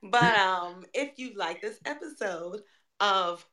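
A woman's voice: medium pitch, animated, slow, sharp tone. A woman co-hosting a podcast in casual chat, playful and laid-back, with frequent ums. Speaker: podcast co-host.

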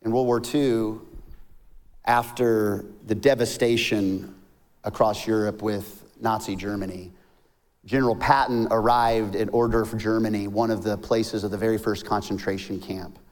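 A man, a pastor preaching a sermon in a lively, story-telling way. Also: a little slow. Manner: animated, rises to high emphatic peaks, tells jokes and stories. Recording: long hall reverb.

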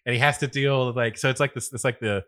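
A man's voice: medium pitch, fairly even intonation, quick pace, a bit bright, no room sound, studio quality. A young man co-hosting a casual chat, joking around and often breaking into laughter. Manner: jokey, laughs often, restarts sentences.

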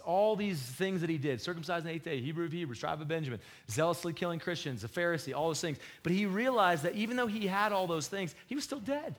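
A man preaching with loud and hushed swings. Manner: swings from loud bursts to hushed low retellings; conversational, slangy preaching. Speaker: pastor. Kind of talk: sermon.

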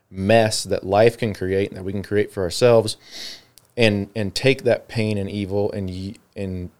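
A man on a church podcast sharing his personal faith story earnestly, pausing and restarting his sentences as he goes. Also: lowish voice, a little mellow.

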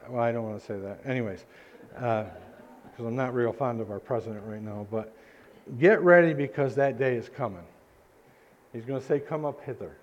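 Earnest, halting male pastor preaching. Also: medium pitch, darkish tone, muffled recording. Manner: earnest, halting, with many restarts and fillers. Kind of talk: sermon. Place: church sanctuary.

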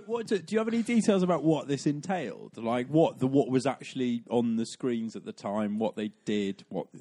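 A man's voice: mid-range voice, expressive, moderate pace, dark tone. A man co-hosting a comedy podcast, dropping dry, wry asides and questions. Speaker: podcast co-host. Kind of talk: casual comedic chat.

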